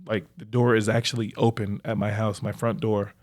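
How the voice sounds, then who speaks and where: A man's voice: fairly low pitch, little pitch movement, darkish tone. Reflective man telling his story. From United States. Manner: reflective, halting, with frequent "like" fillers. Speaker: professional athlete telling his life story. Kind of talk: personal storytelling.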